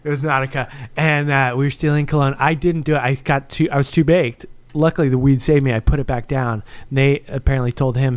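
A man guesting on a podcast, telling a story in relaxed chat, swearing and laughing often. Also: mid-range voice, fast talker, hardly any pauses.

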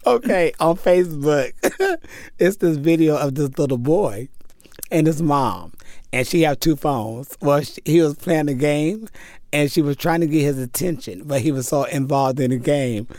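A man chatting as a podcast guest, telling stories in an animated way and laughing often. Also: fairly high pitch, moderate pace, dry recording, studio quality. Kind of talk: casual podcast chat.

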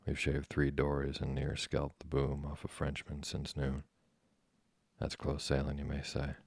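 A grave, unhurried ship's engineer, read by a man. The voice is extremely low and husky and stays flat. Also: no room sound, full character voice. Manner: grave, measured.

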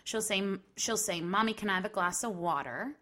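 A woman, a stage actress, chatting as a guest on an interview podcast and telling animated stories. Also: mid-range voice, brisk, slight background noise. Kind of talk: casual interview chat.

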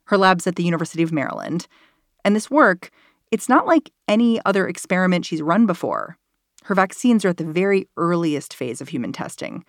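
Woman podcast host, measured and conversational, lowish voice, dry close mic. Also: expressive, dry recording. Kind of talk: scripted narration and interview questions.

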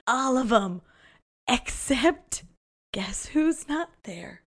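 Slow, high-voiced storytelling woman. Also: expressive. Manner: playful, laughs often, dramatic whispers for effect. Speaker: podcast host. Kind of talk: casual storytelling narration.

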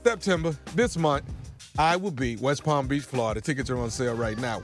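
A radio comedian talking in playful, joking studio banter. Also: male voice, medium pitch, normal speed, music in the background.

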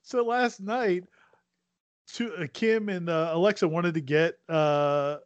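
High-voiced man, rambling, dry dull sound. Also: fairly even intonation, takes it slowly, smooth, no room sound. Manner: rambling, full of fillers. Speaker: sports talk co-host. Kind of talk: casual sports radio chat.

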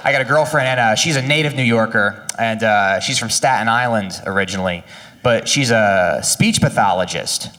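A man doing a stand-up comedy set, telling deadpan one-liners and slipping into mock voices. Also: fairly low pitch, moderate pace, distant mic. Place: comedy club stage.

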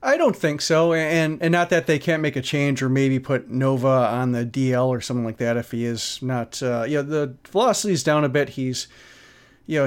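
A man's voice: mid-range voice, smooth. A man co-hosting a casual sports talk show, giving analysis in a rambling way with many restarts and fillers. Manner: rambling, lots of "you know" and restarts.

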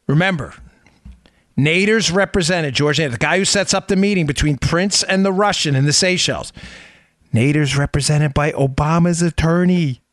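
Speaking at a moderate pace in a slightly high voice, a middle-aged man hosts a political commentary show. There's no room sound, just clean studio audio. He sounds emphatic and amazed, restating his points for emphasis.

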